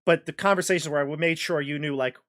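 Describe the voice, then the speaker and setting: A man's voice: on the high side, fairly even intonation, quick pace, a bit bright. A man hosting a casual chat as game master, talking in loose sentences with many restarts and fillers. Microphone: video call.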